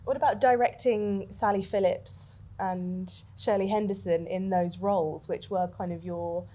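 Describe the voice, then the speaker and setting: A woman hosts a film Q&A, putting questions to her guest at a medium pitch. She phrases things loosely, with plenty of soft filler words. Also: steady tone, a little slow. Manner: warm questioning, hedging with "kind of". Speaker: interviewer, host. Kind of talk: conversational Q&A interview.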